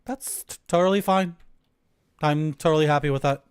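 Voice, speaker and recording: A man's voice: a little high, normal speed, clean tone, no echo, clean studio sound. A man streaming a video game and chatting casually, with wry asides to his viewers. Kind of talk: casual gameplay commentary.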